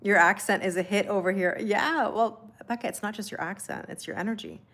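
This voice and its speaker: Fairly quick and fairly bright in tone, her mid-range voice guides a casual tarot stream where she laughs with her viewers, chats and soothingly reads their messages aloud.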